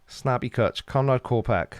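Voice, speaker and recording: A man's voice: medium pitch, moderate pace, no echo. A Welsh man hosting a live stream, reading out chat comments with dry, teasing humor. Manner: jokey, dry teasing banter.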